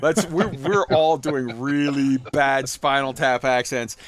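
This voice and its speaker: A man hosting a podcast in casual chat, joking and telling animated little stories. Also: medium pitch, slow. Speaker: podcast host.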